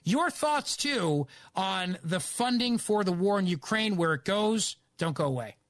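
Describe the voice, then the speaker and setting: A man's voice: sits high, animated, measured pace, noisy background. A man filling in as a radio host, delivering an opinionated monologue in an emphatic, argumentative way with many rhetorical questions, on a studio microphone. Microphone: studio broadcast microphone.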